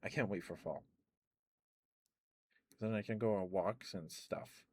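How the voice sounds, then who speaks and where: A young man chatting softly at home for an ASMR stream, rambling, laughing often and repeating phrases. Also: on the low side, measured pace. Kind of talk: soft-spoken ASMR chat.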